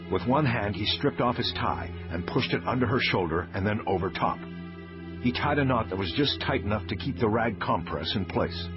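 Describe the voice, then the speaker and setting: A man's voice: lowish voice, expressive, normal speed. A man giving a scripted audiobook narration of a crime novel in a dramatic reading manner. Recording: dull lo-fi audio with faint music.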